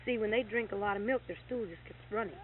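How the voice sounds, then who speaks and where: A woman's voice: medium pitch, fast. A middle-aged woman, a horse owner, telling stories in casual chat, acting out quoted dialogue and getting heated as she retells. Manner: animated, acts out quoted dialogue, gets heated retelling anger. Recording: tinny lo-fi tape with faint hiss.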